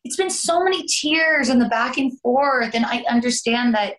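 A woman's voice: on the high side, normal speed. Canadian woman chatting away in an interview, laughs a lot. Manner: chatty, laughing, animated asides. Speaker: soap opera actress, guest. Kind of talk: casual interview chat.

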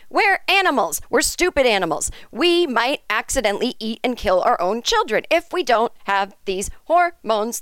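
Brief: woman podcast host, high lively voice, dry close sound, sarcastic profane rant. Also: dry recording. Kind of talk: comedic rant monologue.

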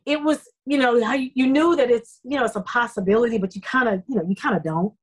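A middle-aged woman, a soap opera actress, telling stories in a casual interview, effusive and animated with many fillers. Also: fairly high pitch, quick pace, husky, rough recording.

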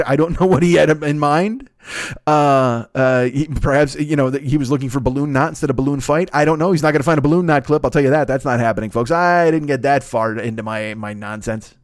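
A man's voice: mid-range voice, no room sound, clean studio sound. A man in his forties hosting a solo podcast, talking in a meandering, profane, self-mocking way from his home desk. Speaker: podcast host. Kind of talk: rambling solo podcast monologue.

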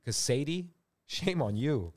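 A man's voice: mid-range voice, expressive, a little slow, a little mellow. A man hosting a comedic podcast, talking in a jokey, rambling way and slipping into squealing voices for quotes. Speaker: podcast host. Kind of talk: comedic casual chat.

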